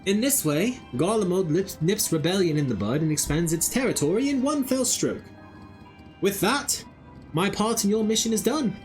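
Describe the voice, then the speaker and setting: A man voicing a smooth, courtly male merchant with formal old-fashioned phrasing. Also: high voice, lively intonation, moderate pace, a little mellow, soft background music, voice pushed up.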